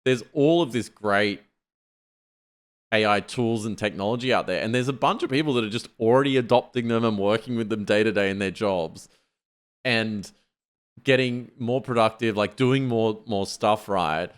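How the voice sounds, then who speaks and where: Relaxed man chatting, lots of "like". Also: on the low side, normal speed, clear, resonant tone. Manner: loose, filler-heavy, uses "like" a lot. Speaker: podcast co-host. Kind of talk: casual tech podcast chat.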